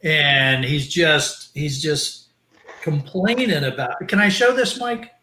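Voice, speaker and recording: A man's voice: a little high, expressive, slow pace, sharp tone. A man on a casual live chat, teasing a friend as he tells a story. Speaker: guest. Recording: echoey room with faint noise.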